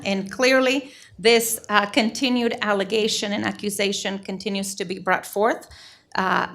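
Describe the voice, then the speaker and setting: A woman's voice: mid-range voice, a bit bright. Firm woman chairing a council meeting. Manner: firm and formal. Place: city council chamber.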